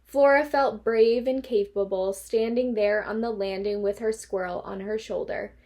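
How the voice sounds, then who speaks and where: A woman teacher reading a children's novel aloud to her class, expressive and lively. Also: medium pitch, moderate pace.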